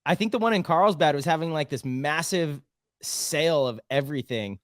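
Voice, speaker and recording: A man co-hosting a podcast in casual chat, relaxed and joking, laughing often. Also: a little high, moderate pace, no room sound, studio quality. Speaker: podcast co-host.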